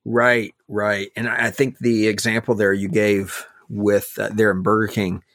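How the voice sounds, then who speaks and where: A man's voice: lowish voice, flat delivery, measured pace, a bit bright, no echo. Earnest male pastor, dry sound. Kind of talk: podcast conversation.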